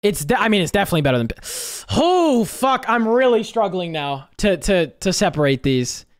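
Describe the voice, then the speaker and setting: A music producer giving casual, emphatic reaction commentary, excitable and given to repeating words and swearing. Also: medium pitch, moderate pace, no echo, studio quality. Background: game chase music playing faintly.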